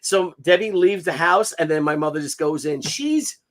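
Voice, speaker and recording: High-voiced man telling family stories. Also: normal speed. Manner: animated, swears freely, laughs through stories. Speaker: host of a comics livestream. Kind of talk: casual storytelling chat.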